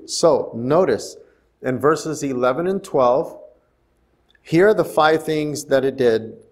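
A male pastor giving a conversational bible study sermon in a church, often asking the congregation questions. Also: mid-range voice. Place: church sanctuary.

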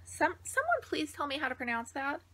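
Sitting high in pitch, her voice is brisk, sharp-toned and very animated as this middle-aged woman chats at home about her stitching work. She rambles breathlessly, occasionally dipping to near-whisper.

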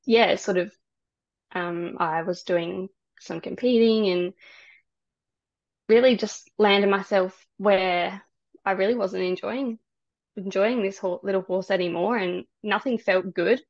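Softly hesitant woman telling her story. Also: medium pitch, steady tone, slow pace, no echo. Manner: soft, hesitant storytelling with many ums. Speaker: podcast guest. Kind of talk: casual interview chat. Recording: dry, dull lo-fi sound.

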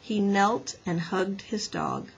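A woman teacher reading a children's book aloud in a lively storybook manner, slightly raspy. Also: medium pitch, slow pace, low-quality recording.

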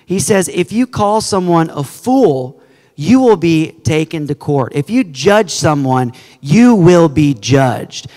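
A man's voice: a little high, expressive, slow pace, a little mellow, in a large hall. A male pastor preaching a sermon, earnestly quoting scripture to his congregation. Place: church sanctuary.

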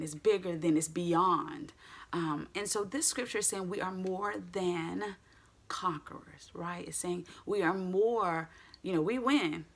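A middle-aged woman preacher giving a sermon in an animated, emphatic way, laughing often. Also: lowish voice.

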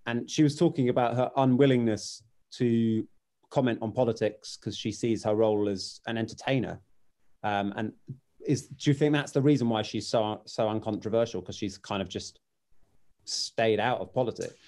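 A man hosts a relaxed interview, picking his words with hesitation. His voice is warm and dark in tone. Sentences often trail off quietly. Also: fairly low pitch, moderate pace. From United Kingdom. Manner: hesitant, thoughtful, trails off softly. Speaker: podcast host. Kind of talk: casual interview chat.

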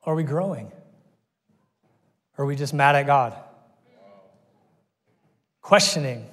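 A man's voice: medium pitch, slow pace, pauses often. A man preaching a sermon as pastor, telling stories with energy and acting out the people he quotes. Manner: animated storytelling, acts out quoted voices. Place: church auditorium. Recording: long reverb of a church hall.

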